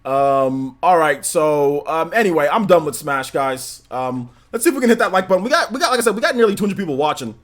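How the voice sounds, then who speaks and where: A man's voice: a little high, lively intonation, brisk, hardly any pauses. A young man hosting a gaming livestream, chatting loosely and telling stories animatedly, full of "man" and "like". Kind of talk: casual livestream chat.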